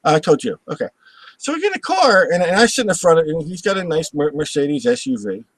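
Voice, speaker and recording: A man hosting a live show, telling a funny story in a lively, swooping voice that sits a little high. He acts out the other people's voices and laughs at his own jokes, and the sound is dry and close. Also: fast, slightly rough, dry recording, rough recording. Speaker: host.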